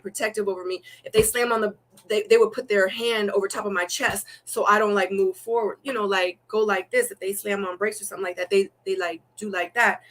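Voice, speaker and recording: Chatty young woman telling dating stories. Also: medium pitch. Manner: animated storytelling, acts out quotes, many "like" fillers. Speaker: dating show guest. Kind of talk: casual interview chat.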